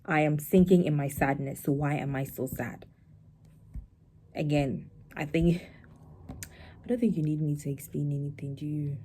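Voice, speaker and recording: A woman's voice: fairly even intonation, normal speed, pauses often, mellow, slight background noise. A young woman, a spoken word poet talking her audience through her poem in a reflective, conversational way. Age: young adult. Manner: reflective, conversational, acts out quoted voices in a higher tone.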